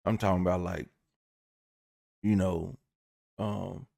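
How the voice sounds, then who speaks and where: A man's voice: sits low, level tone, slow, creaky, a little mellow, no room sound, studio quality. A man giving a casual, profane, joking storytime rant to his viewers, rambling and acting out bits of dialogue. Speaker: vlogger.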